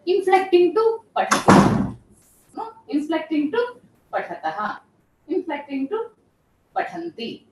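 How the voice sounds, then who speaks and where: A woman's voice: extremely high pitch, sing-song, a little slow, pauses often, slight background noise. A woman professor, giving a classroom lecture and patiently repeating terms as she explains. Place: lecture room. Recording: echoey room, voice from far off.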